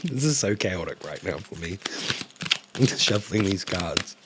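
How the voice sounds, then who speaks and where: A man's voice: sits low, animated, measured pace, very noisy. A man doing a casual oracle card reading to camera, emotional, laughing and sighing as he goes. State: emotional, coughing. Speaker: tarot card reader.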